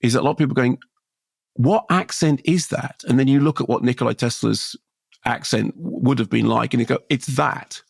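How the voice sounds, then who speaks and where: A man's voice: mid-range voice, steady tone, fast, gravelly, darkish tone, husky, no room sound, clean studio sound. A man co-hosting as a film critic, chatting casually with enthusiastic, self-deprecating restarts. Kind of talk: casual chat.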